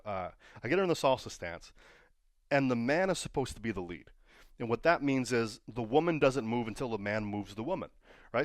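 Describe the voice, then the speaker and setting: A man's voice: mid-range voice, dry recording, studio quality. A man who trains pro wrestlers tells stories and gives casual advice, often checking in with the listener by asking "right?". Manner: storytelling, keeps asking "right?".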